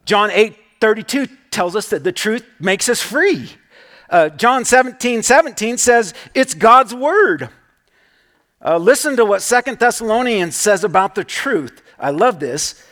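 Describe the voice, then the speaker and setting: High-voiced and a bit bright, a middle-aged male pastor preaches in a chatty, story-driven way. He keeps checking in with his congregation, often asking a quick "right?".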